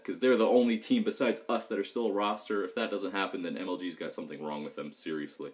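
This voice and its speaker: A young man with a deep, low-pitched voice chats loosely to the camera in a casual vlog. He rambles and talks bluntly, with plenty of restarts and asides. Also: steady tone, quick pace, few pauses. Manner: loose, rambling, frank and opinionated. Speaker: pro gamer vlogging about tournaments.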